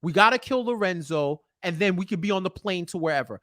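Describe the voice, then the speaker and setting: A man co-hosting a TV recap podcast in casual chat, joking and animated, often restarting his sentences. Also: sits high, fast. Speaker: podcast co-host.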